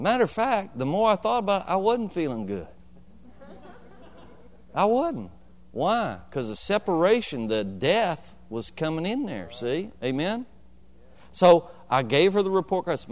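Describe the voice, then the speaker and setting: A man's voice: fairly high pitch, big pitch swings, normal speed. A man pastor preaching a sermon, telling a personal story and calling out to the congregation for agreement.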